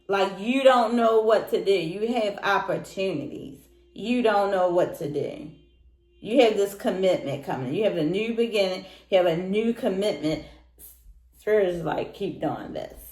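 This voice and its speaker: A woman's voice: medium pitch, expressive, normal speed, soft background music. A woman giving a casual tarot reading, speaking straight to the listener and repeating her points. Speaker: tarot reader. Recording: roomy echoey room.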